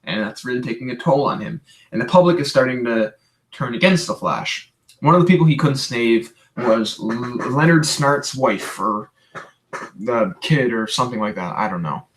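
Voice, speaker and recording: A man's voice: mid-range voice, normal speed. A young man from Canada hosting a livestream, chatting casually and rambling through viewer questions with many restarts, tired today. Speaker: livestream host.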